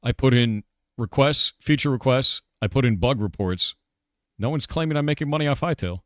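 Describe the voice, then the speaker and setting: This forties-aged game developer rants profanely during a casual live stream chat, repeating "like" and "dude" constantly. He speaks a little fast at a medium pitch, with a fairly bright tone. There's no echo, just faint background music.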